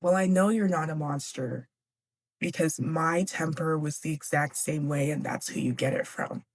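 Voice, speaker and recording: A woman's voice: sits low, moderate pace. A woman voicing a patient, earnest middle-aged mother giving advice.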